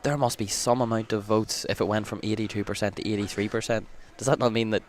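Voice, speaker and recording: A man's voice: lowish voice, fairly even intonation, fast, a little hiss or hum. An Irish man giving casual live pool commentary with teasing, wry banter.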